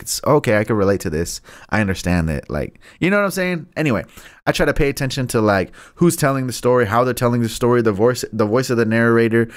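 A man with a mid-range voice reads scripture aloud on a live stream, alone in a room and close to a studio microphone. He keeps it relaxed and talkative, tripping over hard names and chuckling at his own asides. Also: mid-range voice. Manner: laid-back and chatty, stumbles over names, laughs at his own jokes. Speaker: Bible study host. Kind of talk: live-streamed Bible reading with casual commentary.

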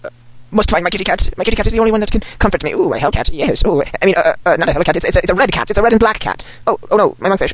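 Playing a deranged Santa, a gamer delivers in-character commentary, cackling and ranting manically in a high, expressive voice at a rapid-fire clip. It's a dull, lo-fi desktop recording that's been sped up, with no room sound.

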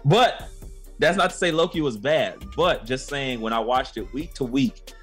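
A man co-hosting a podcast, joking and teasing in animated casual chat. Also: mid-range voice, husky, faint music behind. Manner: animated, joking, quick to tease. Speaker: podcast co-host.

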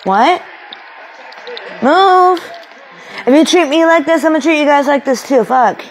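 A woman's voice: high-pitched, measured pace, poor audio. A woman playing a bitter, swearing young woman. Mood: angry. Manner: swearing, ranting, sarcastic. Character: bitter, volatile young woman kicked out by family. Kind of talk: amateur film acting.

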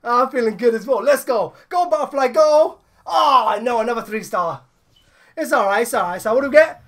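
High-voiced hyped man. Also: lively intonation, normal speed. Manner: hyped, shouts when thrilled. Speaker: gaming channel co-host. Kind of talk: excited game summoning commentary.

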